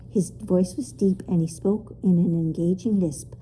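A woman narrating a children's story aloud, expressive in her reading. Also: fairly low pitch, measured pace, a little hiss or hum. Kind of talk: audiobook narration.

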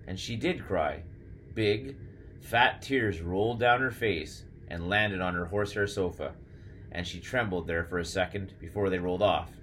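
Low-voiced male audiobook narrator. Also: moderate pace, a bit bright, slight background noise. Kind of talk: scripted narration.

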